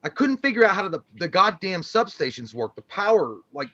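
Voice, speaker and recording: A man's voice: high-pitched, very animated, fairly quick, pushed and bright, dry recording, highs cut off. A man co-hosting a casual live stream and reading out chat, profane and rambling, laughing often.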